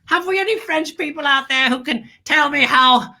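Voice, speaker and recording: A woman's voice: sits high, moderate pace, gravelly, pushed and bright, exaggerated voice. A woman playing a grand, glamorous lady who hosts a children's show, gushing and calling everyone darling. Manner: flamboyant, calls everyone darling. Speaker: host. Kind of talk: theatrical kids' show hosting.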